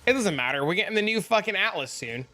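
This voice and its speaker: A man's voice: high-pitched, animated, fast talker. A young man streaming a game live, chatting with viewers and ranting profanely about fellow players. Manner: profane, ranting, reacts to chat. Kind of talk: live stream chat while gaming.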